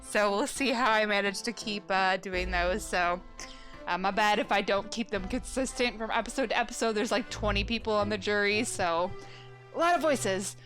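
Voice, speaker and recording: A woman's voice: medium pitch, normal speed, a bit bright, soft background music. A young woman hosting a let's play, chatty and rambling, her throat a bit gunky. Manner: chatty and rambling, self-correcting. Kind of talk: casual gameplay commentary.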